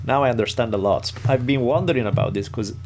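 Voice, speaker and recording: A man's voice: mid-range voice, fast. Joking male podcast host, noisy track. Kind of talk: casual chat.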